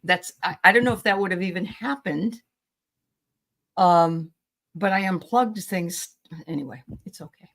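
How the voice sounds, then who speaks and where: A woman's voice: lowish voice, measured pace, pauses often, fairly bright tone. A woman hosting a live stream over a video call, flustered and apologetic, laughing easily. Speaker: channel host.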